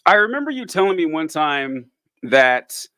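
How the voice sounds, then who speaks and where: A man's voice: fairly high pitch, sing-song, normal speed, bright, forceful tone, smooth, no room sound. A man co-hosting a podcast in casual chat, rambling and laughing, with many restarts. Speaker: podcast co-host.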